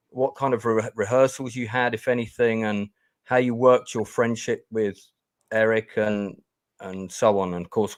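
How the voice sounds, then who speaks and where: Enthusiastic male interviewer. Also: on the low side. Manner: enthusiastic, rambling questions with fillers. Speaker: interview host. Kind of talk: casual interview questions.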